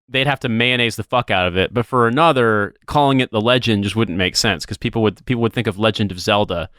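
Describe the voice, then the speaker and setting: A man's voice: lowish voice, quick pace, fairly bright tone, clear, resonant tone, no room sound, clean studio sound. A man from the United States co-hosting a podcast, rambling through stories in casual chat and swearing freely. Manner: rambling, swears casually, tries silly voices. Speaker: podcast co-host.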